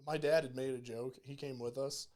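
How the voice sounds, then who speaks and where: A man co-hosting a podcast in casual chat, relaxed with joking asides. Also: medium pitch, normal speed. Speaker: podcast co-host.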